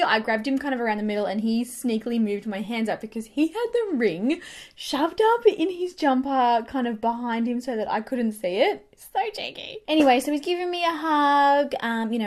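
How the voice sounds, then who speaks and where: A young woman chatting excitedly while doing her makeup, rambling quickly through a story with lots of fillers. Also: a little high. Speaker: beauty vlogger. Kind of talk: get-ready-with-me storytelling chat.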